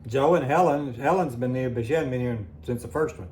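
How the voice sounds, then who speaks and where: A man's voice: mid-range voice, a little fast, darkish tone. A man, a member of an online group, chatting casually and telling jokes about other members. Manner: chatty, joking storyteller. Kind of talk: casual chat on a video call. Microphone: video call. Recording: roomy call audio with faint hiss.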